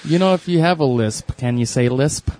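A man's voice: medium pitch, moderate pace, a little mellow. A man co-hosting a podcast, trading short replies and dry quips in casual chat. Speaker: podcast co-host.

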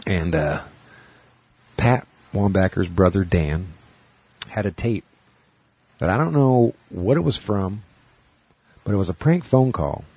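A man's voice: sits low, animated, a little slow, vocal fry, long pauses, a little mellow, slightly rough, no room sound. A man hosting a casual chat who tells rambling stories and acts out the voices in them. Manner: rambling storyteller, acts out quotes.

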